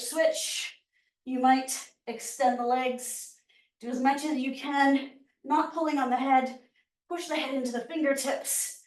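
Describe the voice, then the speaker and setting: A woman fitness instructor leading a workout class, cueing moves and counting down reps while out of breath. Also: sits high. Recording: echoey room, voice from far off mic.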